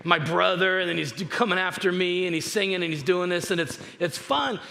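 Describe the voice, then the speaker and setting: A man from California, a pastor, speaks with a high, gravelly, sharp voice at a slightly fast clip. His sermon is conversational, built on stories and frequent repetition. Faint noise and hall reverb fill the church auditorium recording.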